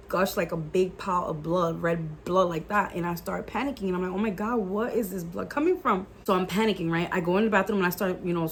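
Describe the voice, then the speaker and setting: This YouTuber's voice sits on the low side, with slight background noise behind it. She's a young adult woman sharing a personal testimony with her viewers, chatty and relaxed, constantly saying "like" and "guys."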